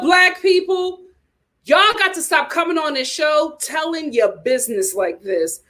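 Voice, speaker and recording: A woman ranting as a reality TV commentator, talking in an animated, exasperated way. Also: a little high. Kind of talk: casual chat.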